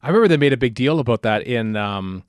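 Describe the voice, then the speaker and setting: Man, podcast co-host, mid pitch, dry close sound, rambly and self-interrupting in casual commentary. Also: lively intonation, fast talker, dry recording.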